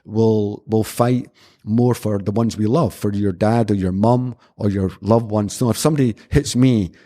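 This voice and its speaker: A man's voice: on the low side, fairly even intonation, normal speed, dark tone. A man, a martial arts instructor, talking earnestly in a rambling, conversational interview. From Scotland. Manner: earnest, rambling anecdotes with many restarts. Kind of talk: casual conversational storytelling.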